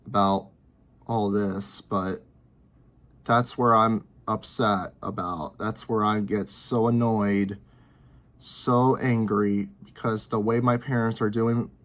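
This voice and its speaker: A man in his early twenties talking to camera from his bedroom, rambling and repeating himself with halting restarts. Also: on the low side. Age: 20s. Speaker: vlogger. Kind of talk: personal talk to camera.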